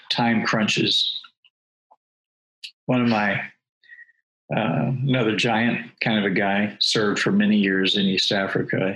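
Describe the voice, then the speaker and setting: Older male guest, low voice, very slow and measured, reflective storyteller. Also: a bit bright, poor audio. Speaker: guest, author and former missionary. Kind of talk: reflective interview talk.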